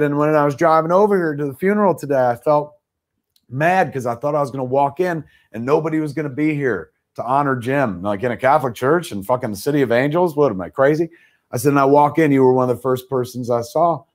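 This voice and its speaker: Animated middle-aged man telling a story. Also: on the high side, brisk. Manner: animated storyteller, swears freely, acts out quotes. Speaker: guest filmmaker. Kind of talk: livestream anecdote telling. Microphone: video call.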